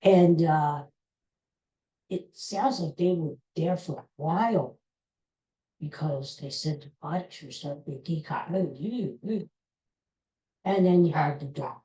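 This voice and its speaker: A woman's voice: low voice, takes it slowly, long pauses, dark tone. A woman hosting a solo podcast, ranting in a grumbling, indignant way. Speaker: podcast host. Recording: roomy echo.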